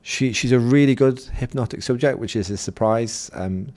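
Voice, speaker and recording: A middle-aged man, a hypnosis coach and podcast guest, telling an animated anecdote in conversational style and acting out the quotes. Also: mid-range voice, normal speed. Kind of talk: conversational storytelling.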